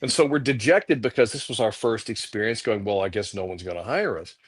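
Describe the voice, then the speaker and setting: A man's voice: fairly low pitch, brisk, breathy edge. A middle-aged man, a guest comic artist, telling casual stories on a livecast and acting out quoted voices. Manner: animated anecdotes, acting out quotes.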